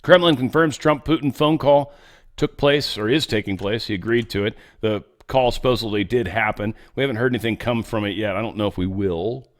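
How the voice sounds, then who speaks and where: A man's voice: fairly low pitch, brisk. Rambling off-the-cuff male show host. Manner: rambling, off-the-cuff, swears freely. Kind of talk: casual political commentary.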